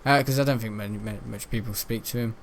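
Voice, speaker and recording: A young British gaming host talks fast in a fairly low, steady-toned voice, with slight background noise. He rambles casually and chattily over gameplay, meandering and full of fillers and self-corrections.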